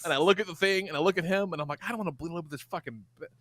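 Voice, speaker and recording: A man's voice: on the high side, very fast, fairly bright tone, no room sound. A man co-hosting a podcast, telling a rambling story with lots of swearing and laughter. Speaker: podcast co-host. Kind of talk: casual podcast chat.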